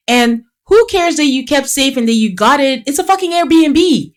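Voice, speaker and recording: A woman with a fairly high voice hosts a casual podcast recap. She talks in an animated, gossipy way, slipping into quoted voices and laughing often. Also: moderate pace, hardly any pauses. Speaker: podcast host.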